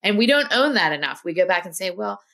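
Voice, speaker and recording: A woman's voice: lowish voice, big pitch swings, fast, fairly bright tone. A woman, a health coach and podcast guest, talking earnestly and encouragingly in casual conversation.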